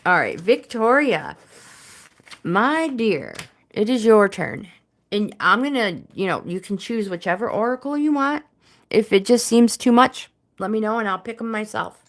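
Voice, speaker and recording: A woman's voice: mid-range voice, big pitch swings, unhurried. A woman hosting a live-stream tarot reading, chatting with viewers by name and reading out card meanings in a casual way.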